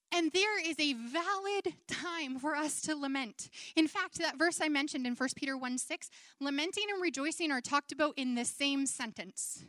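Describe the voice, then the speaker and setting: A woman's voice: sits high, unhurried, few pauses, sharp tone, no room sound, studio quality. A woman preaching a sermon in an earnest, conversational way, acting out quoted feelings.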